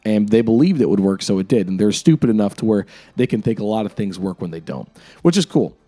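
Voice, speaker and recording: A man's voice: fairly low pitch, lively intonation, fast talker, mellow. A young man, a game master, talking casually about his campaign world, rambling with lots of fillers. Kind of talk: casual lore talk. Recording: music in the background.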